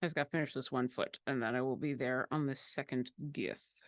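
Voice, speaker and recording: A woman chatting casually on a livestream while painting miniatures, playful and full of quick asides. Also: rumbling low, no room sound, studio quality. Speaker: mini painting teacher.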